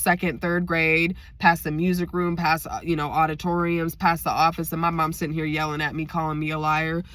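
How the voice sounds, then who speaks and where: A woman's voice: deep voice, dry recording. Chatty woman telling a storytime. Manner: direct, animated, chatty. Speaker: vlogger. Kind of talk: casual storytime.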